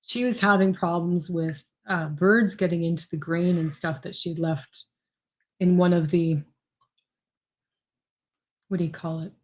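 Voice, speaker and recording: A woman's voice: fairly low pitch, fairly even intonation, unhurried, pauses often, darkish tone. A woman co-hosting a casual chat show, telling animal stories and laughing through them. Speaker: co-host.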